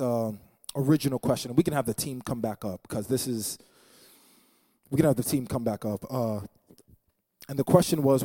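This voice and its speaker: A man's voice: mid-range voice, mellow, no room sound. A man preaching a sermon as pastor, dramatic and repeating phrases for emphasis. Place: church.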